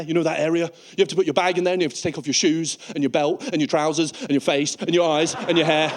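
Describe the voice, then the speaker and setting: High-voiced British stand-up comedian. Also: male voice. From United Kingdom. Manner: animated, acts out panicky characters in high squeaky bursts. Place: comedy stage before a live audience.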